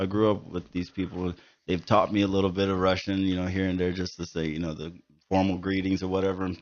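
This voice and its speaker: A man's voice: low-pitched, lo-fi sound. A man hosting a podcast in a studio, chatting casually and telling stories in a loose, profane way. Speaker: podcast host. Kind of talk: casual chat.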